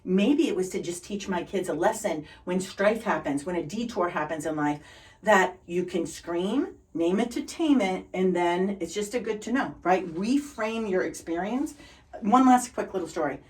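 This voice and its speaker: A middle-aged woman from Boston with a Boston accent, telling upbeat stories as a guest in a conversation. She sounds energetic and relentlessly positive. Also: fairly low pitch, normal speed, recorded from a distance, low-quality recording.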